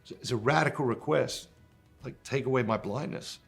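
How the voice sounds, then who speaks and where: A man's voice: medium pitch, moderate pace, vocal fry, breathy edge, soft background music. A middle-aged man hosting a Catholic gospel reflection, reading scripture and then talking it over in an earnest, conversational way. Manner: earnest, conversational, with fillers and restarts.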